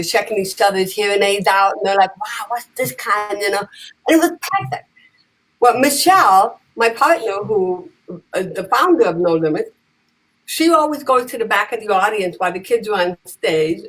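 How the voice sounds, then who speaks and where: A woman telling lively stories in casual conversation, acting out the voices of the people in them. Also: medium pitch, poor audio. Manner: animated, acts out voices in her stories. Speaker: guest, comedian and advocate. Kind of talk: conversational storytelling.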